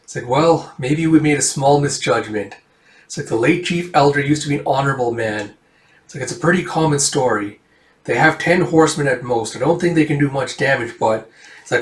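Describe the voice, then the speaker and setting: A man casually recapping a comic book, voicing the characters' lines himself and jumping into loud shouts for the dramatic ones. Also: mid-range voice, a little fast. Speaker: manga reader recapping a comic. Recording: echoey room, far from the mic.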